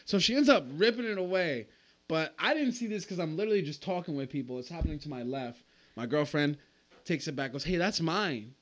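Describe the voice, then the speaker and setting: A man's voice: a little high, animated, fairly quick. A man, a podcast guest, telling a wild story with lots of swearing and acted-out dialogue. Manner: profane, acts out voices in the story. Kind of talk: animated storytelling.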